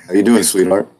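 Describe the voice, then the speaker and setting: A man's voice: lowish voice, noisy background. An American man co-hosting a casual live chat, joking and laughing easily. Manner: laughing, jokey.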